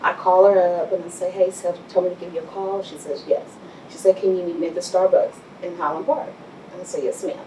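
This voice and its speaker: A woman's voice: on the low side, steady tone, quick pace, mellow. A middle-aged woman from Texas, a business owner and interview guest, telling her story bluntly and acting out the other people's lines. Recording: roomy, distant mic with faint background hiss.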